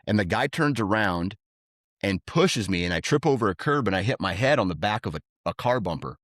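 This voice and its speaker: A man's voice: on the low side, a little fast, dry recording, studio quality. A man co-hosting a podcast, telling stories casually and acting out what people said in a raised voice. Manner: animated, acts out quotes in a raised voice. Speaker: podcast co-host. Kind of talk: casual storytelling.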